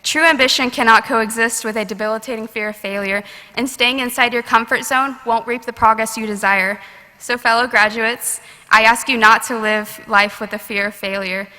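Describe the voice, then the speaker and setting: A young woman in her late teens delivers an earnest, heartfelt graduation speech at a podium microphone, her voice a little high with a sharp tone. She's a student speaker in a large graduation venue, and the ceremony hall's long reverb trails her words.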